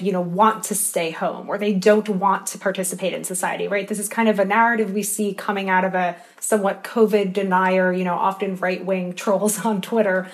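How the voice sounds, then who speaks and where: Woman guest author, earnest, passionate, lots of fillers, mid pitch. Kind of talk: interview answers.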